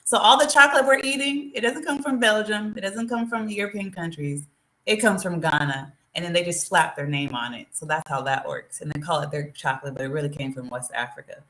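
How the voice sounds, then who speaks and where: A woman hosting a live stream, talking straight to her viewers in an animated, chatty way. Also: fairly low pitch, brisk. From United States. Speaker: vlogger. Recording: roomy echo.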